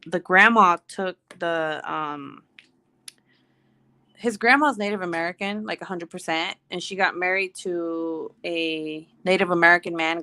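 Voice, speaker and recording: A woman's voice: on the low side, sharp tone, no echo. A woman in her thirties hosting a casual livestream chat while crafting, rambling and laughing through her stories. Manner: chatty, laughing, loose storytelling. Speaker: livestream host.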